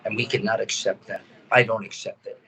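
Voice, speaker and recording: A man hosting a talk radio show, speaking in an earnest, somber, measured way. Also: lowish voice, little pitch movement, pushed and bright, slight background noise, low-quality recording. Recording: crowd chatter behind.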